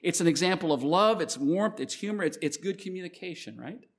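A middle-aged man from Canada, a pastor delivering a sermon in a conversational storytelling way, with lively swings between louder and softer phrases. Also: high voice, a little fast, husky.

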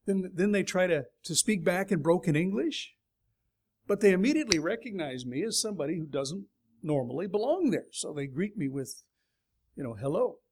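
A man's voice: high voice, lively intonation, normal speed, darkish tone. A middle-aged man from California giving a sermon in a folksy, conversational storytelling way. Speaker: preacher.

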